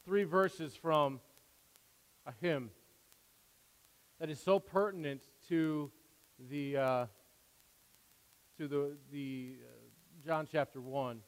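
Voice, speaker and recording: A man preaching a sermon as pastor, earnest, with emphatic rises and quieter asides. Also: fairly high pitch, steady tone, slow, pauses often. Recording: long hall reverb.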